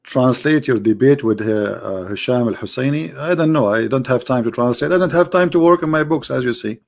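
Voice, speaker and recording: A man's voice: mid-range voice, fairly quick, vocal fry. A man from the Arab world with an Arabic accent, hosting a live debate stream in casual talk. He mocks and fires off rhetorical questions in loose, broken English full of "like" and "brother".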